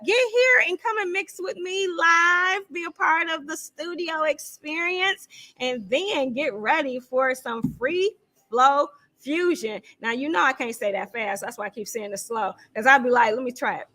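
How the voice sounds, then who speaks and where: A chatty woman with a slightly high voice, hosting a live show from a lounge studio. She runs through announcements in a loose, self-teasing way and thinks aloud as she goes. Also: normal speed, pushed and bright. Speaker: show host. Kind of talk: casual live-stream announcements.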